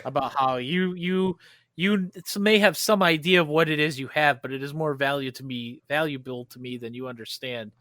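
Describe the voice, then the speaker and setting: Bright-voiced man recapping a plot. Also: fairly high pitch, moderate pace, no room sound, studio quality. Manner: recaps plot in long run-on stretches. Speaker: podcast co-host. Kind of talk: casual chat.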